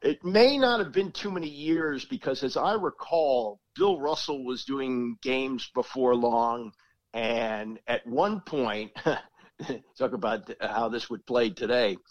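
A man's voice: mid-range voice, no room sound, dull audio. A man on a sports talk show, casually telling long stories with many restarts. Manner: rambling anecdotes with restarts and laughs.

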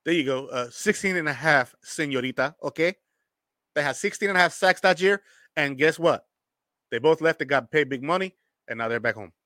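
An energetic man hosts a casual sports show and answers viewer comments. His voice is bright and forceful and swings between loud jokes and low asides. The sound is dry and close. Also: no room sound. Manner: energetic, animated, joking, quick bursts.

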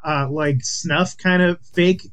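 A man's voice: fairly high pitch, fairly even intonation, slow, a bit bright, clean tone. A man co-hosting a podcast in crude, rambling casual chat, blunt and full of swearing and fillers. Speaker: podcast co-host.

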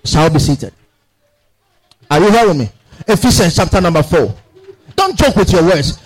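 A man preaching a sermon in a church, swinging from shouted declarations to quiet asides. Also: sits high, animated, moderate pace, husky, low-quality recording. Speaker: pastor. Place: church sanctuary.

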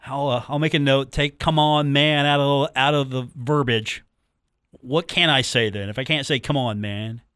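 A man hosts a sports radio show in a dry, close-miked studio. He talks casually and jokily, repeating phone numbers and pet phrases as he riffs with his listeners. His voice sits at a middle pitch. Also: steady tone, normal speed, fairly bright tone, smooth, no room sound. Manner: chatty, joking, repeats phone numbers and catchphrases. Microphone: studio microphone.

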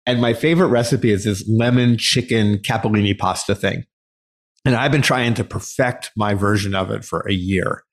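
A male podcast host in casual interview chat, chatty and quick to laugh, with many fillers. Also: on the low side.

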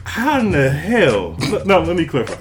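Male podcast host, a bit high-pitched, boisterous teasing storyteller, faint music underneath. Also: wildly swooping pitch, normal speed. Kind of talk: casual podcast banter.

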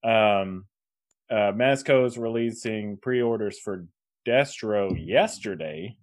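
A man's voice: lowish voice, takes it slowly. A man co-hosting a podcast in casual chat, rambling with restarts and laughing mid-sentence. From Kansas. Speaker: podcast co-host.

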